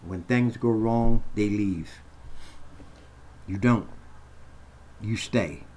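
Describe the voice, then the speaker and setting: A man's voice: lowish voice, extremely slow, a little mellow. A man venting in a heated, profane rant recorded on his phone, hurling blunt accusations. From Colorado. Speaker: vlogger. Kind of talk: angry rant to camera. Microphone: phone camera.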